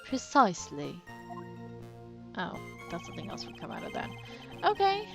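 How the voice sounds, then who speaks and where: A woman's voice: very high-pitched, wildly swooping pitch, a little fast, music in the background. A woman playing a video game, giving casual, playful commentary and reading dialogue aloud, slangy and talking to the game. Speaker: let's play gamer.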